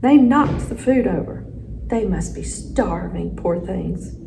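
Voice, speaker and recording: A woman's voice: on the low side, expressive, slow, vocal fry, roomy sound, background noise, exaggerated voice. A woman reading aloud and voicing a kind, concerned older woman teacher in a storybook, slightly raised and sympathetic.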